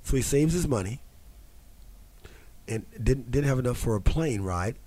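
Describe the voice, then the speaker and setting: A man's voice: mid-range voice, lively intonation, normal speed, warm tone. A man hosting a fitness talk show from a studio, telling a long story in a rambling, casual way with many restarts and fillers.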